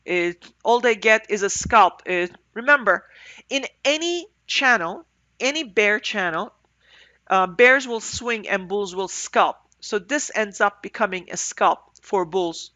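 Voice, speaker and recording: A congested woman breathing through her mouth gives an end-of-day market review as a trader, thinking aloud in halting phrases with fillers. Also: mid-range voice, pushed and bright, no room sound.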